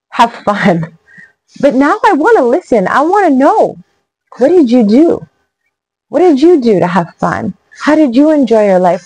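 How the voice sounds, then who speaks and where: A woman's voice: fairly high pitch, darkish tone, no room sound, low-quality recording. A middle-aged woman giving an earnest, emphatic motivational talk to camera as a travel vlogger.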